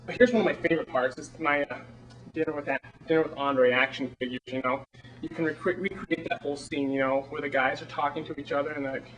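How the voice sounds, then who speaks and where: A flamboyant small-town theater director, played by a man, gushes and rambles in a somewhat high voice. He sounds a little far from the microphone. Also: fairly even intonation, quick pace, a bit bright, natural voice. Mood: gushing. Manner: chatty, rambling, gushing. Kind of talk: film monologue performance.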